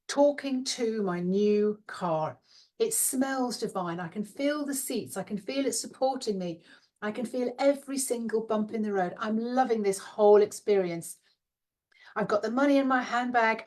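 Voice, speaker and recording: A woman's voice: fairly high pitch, darkish tone. A middle-aged woman, giving a casual spiritual talk in a chatty, dreamy way and laughing often. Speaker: spiritual teacher and card reader. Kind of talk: casual guided visualization talk.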